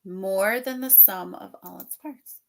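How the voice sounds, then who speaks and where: A woman's voice: medium pitch, slow, vocal fry. A woman hosting a livestream in casual chat over a video call. She reads out viewer comments, laughs often and stumbles over her words. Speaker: livestream host.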